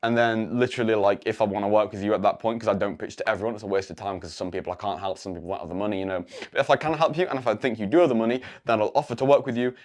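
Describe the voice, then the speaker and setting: A man's voice: lowish voice, fairly even intonation, racing, darkish tone. A teenage man, giving a rambling, blunt screen-share tutorial on coaching, full of slang and swearing. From England. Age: teens. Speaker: online coaching creator. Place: indoor room lit by a projector.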